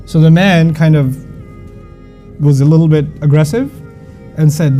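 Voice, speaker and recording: A man teaching Quran commentary, reciting Arabic verses and explaining them in a conversational way with quick asides and restarts. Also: on the high side, fairly even intonation, dark tone, faint music behind.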